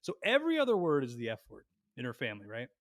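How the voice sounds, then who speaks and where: A young man on a podcast, telling a long family story in a lively, animated way and swearing freely. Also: mid-range voice, very fast, no echo, studio quality. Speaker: podcast co-host. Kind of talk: casual storytelling chat.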